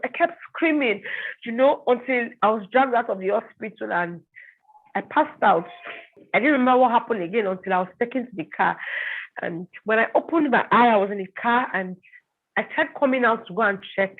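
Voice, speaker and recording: A woman telling an emotional personal story as an interview guest, halting and repeating words when upset. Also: a little high. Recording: tinny phone-like line.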